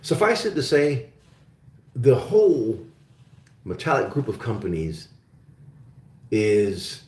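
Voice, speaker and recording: A man's voice: mid-range voice, sing-song, takes it slowly, a little mellow, roomy sound. A man from Germany hosting a casual live-stream chat with viewers, friendly and rambling, with many fillers and restarts. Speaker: show host.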